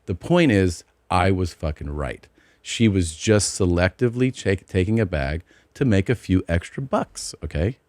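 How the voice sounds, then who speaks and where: A man's voice: low voice, animated, moderate pace, darkish tone, no room sound. A man hosting a podcast, telling an indignant, profane story in casual chat. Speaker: podcast host.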